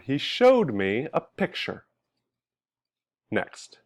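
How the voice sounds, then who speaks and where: A man's voice: mid-range voice, sing-song, takes it slowly. A man teaching English pronunciation, patiently modeling and repeating each sound for learners. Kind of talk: language lesson.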